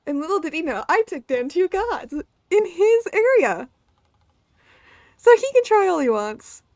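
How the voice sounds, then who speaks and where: A woman streamer giving casual, chatty commentary while playing a game, self-deprecating and quick to laugh. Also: very high voice, very animated, darkish tone, no echo, clean studio sound.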